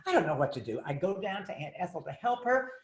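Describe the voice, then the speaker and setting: Lively older man telling funny stories. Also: sits high, fast, reverberant. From Texas. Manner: animated, acts out voices in his anecdotes. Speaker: speaker and author on caregiving. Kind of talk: humorous storytelling talk.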